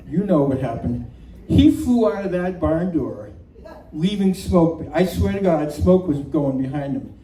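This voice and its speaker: Male storyteller, animated and self-mocking; distant, roomy community-center recording with faint background noise. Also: high-pitched. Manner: animated and self-mocking, laughing through lines. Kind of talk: live comic storytelling. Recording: echoey room from far off, faint noise.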